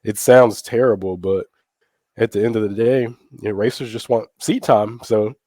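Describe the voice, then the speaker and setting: A man co-hosting a motorcycle talk show, his voice raspy from getting over a flu, chatting in a laid-back, rambling way. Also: fairly low pitch, fairly even intonation, moderate pace, dark tone, no room sound, clean studio sound. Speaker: podcast co-host. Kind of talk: casual chat.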